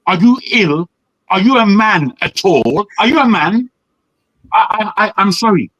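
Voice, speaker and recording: A man's voice: a little high, bright, forceful tone, dry recording, low-quality recording. A man from Nigeria, hectoring a panel with heated rhetorical questions. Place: living in the West.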